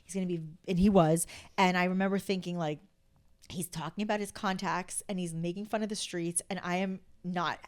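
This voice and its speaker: Lively storytelling woman in her fifties. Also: fairly low pitch, fairly quick, clean tone. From New Jersey, USA. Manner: animated, acts out quotes, many fillers of "like". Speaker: podcast guest. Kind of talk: casual anecdote storytelling.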